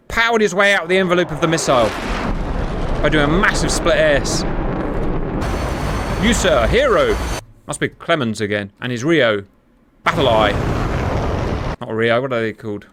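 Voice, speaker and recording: Excitable man commentating a flight-sim battle. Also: a little high, normal speed, long pauses, a little hiss or hum. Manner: animated, jokey, talks to viewers, cheers loudly. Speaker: host commentating a simulated air battle.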